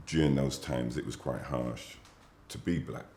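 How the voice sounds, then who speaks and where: An English man being interviewed, talking in a measured, musing way with pauses and fillers. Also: rumbling low, warm tone, reverberant, slight background noise. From England. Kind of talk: reflective interview talk.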